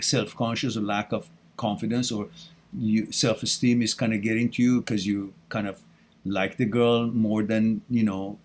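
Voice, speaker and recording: A man hosting a live question-and-answer stream, reading out viewer messages and giving advice in an animated, goofy way. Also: medium pitch, husky. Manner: animated and goofy, laughs at his own jokes; reads out viewer messages, then answers directly.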